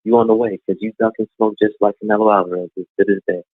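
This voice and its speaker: A man calling in to a boxing talk show, telling a story in a rapid, heated way. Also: lowish voice, little pitch movement, no echo. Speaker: caller. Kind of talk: casual chat over the phone. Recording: dry tinny phone line.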